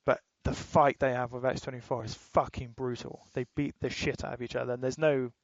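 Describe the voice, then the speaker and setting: Casting note: man, podcast co-host, loose swearing chatter, flat tone, dry close sound. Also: medium pitch, fairly quick, no echo, lo-fi sound. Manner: rambling, swears freely, laughs while retelling. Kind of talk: casual chat.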